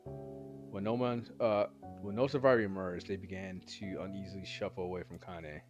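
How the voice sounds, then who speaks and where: A deep-voiced man reads a novel aloud. He goes haltingly, pausing to correct misread words. Faint music plays behind him. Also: steady tone, lo-fi sound. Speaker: reader.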